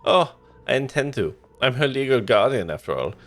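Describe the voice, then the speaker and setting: A man's voice: medium pitch, big pitch swings, normal speed, fairly bright tone, faint music behind, voice pushed up. A man voicing a scheming male villain, the girl's guardian, in a smug, gloating manner.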